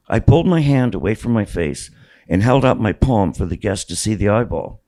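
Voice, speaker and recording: A man's voice: fairly low pitch, lively intonation, moderate pace, mellow, rough recording. A man in his sixties reading from his own memoir aloud at a bookstore event, wry and storytelling. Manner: storytelling, wry, with small restarts. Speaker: author.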